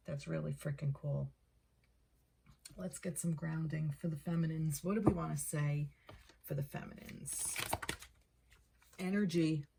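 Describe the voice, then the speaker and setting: A woman giving a casual tarot card reading, thinking aloud, repeating herself and getting excited over the cards. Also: sits low, vocal fry, slightly rough. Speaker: tarot reader.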